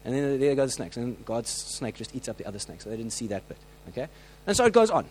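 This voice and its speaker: A man preaching a sermon, telling stories with lively acted-out voices and frequent restarts. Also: medium pitch, fast talker, slight background noise, low-quality recording. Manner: animated storytelling, acts out quoted voices; many restarts and filler words.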